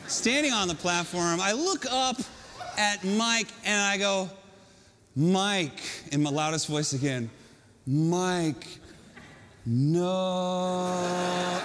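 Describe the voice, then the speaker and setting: A man telling a self-mocking personal story to an audience, animated and conversational. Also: sits high, a little hiss or hum. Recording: long hall reverb.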